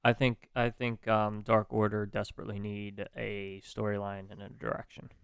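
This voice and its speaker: A man's voice: on the low side, completely flat delivery, moderate pace, creaky, clear, resonant tone, dry recording, studio quality. A man co-hosting a casual podcast, hesitant and full of restarts, swearing freely. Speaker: podcast co-host. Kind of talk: casual chat.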